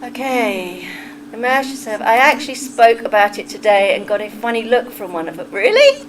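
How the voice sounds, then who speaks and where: A woman's voice: mid-range voice, sing-song, normal speed, background noise. A woman live streaming in a casual, chatty way, reading out her chat and often breaking into giggles.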